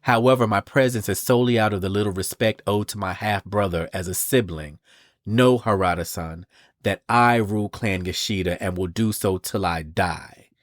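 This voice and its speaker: A man's voice: lowish voice, moderate pace, no room sound, studio quality, close to an everyday voice. A man reading as a defiant noblewoman clan leader. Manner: formal, clipped delivery. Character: proud young woman clan leader, cold and defiant.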